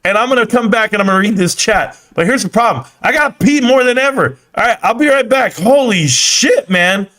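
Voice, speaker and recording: A young man hosts a live stream, slangy and joking as he reads the chat out loud. His voice sits a little high for a man. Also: lively intonation, a little fast, hardly any pauses.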